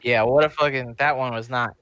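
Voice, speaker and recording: A man's voice: mid-range voice, fairly even intonation, a little fast, a bit bright, smooth. A man co-hosting a casual comedy podcast, riffing on a movie with plenty of swearing and laughter. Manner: profane, riffing, laughs along. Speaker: podcast co-host.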